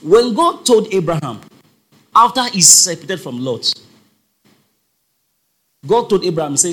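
A man preaching a sermon, emphatic and fond of repeating his points as he calls out to the congregation. His voice is high and bright, and it swings widely as he speaks. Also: very animated, unhurried, pauses often.

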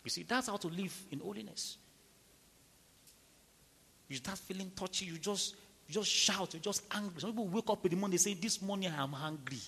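Man, pastor, husky voice, fairly high, emphatic sermon delivery, echoey hall. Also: brisk, pauses often. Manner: emphatic, swings from loud rhetorical questions to low intimate tones.

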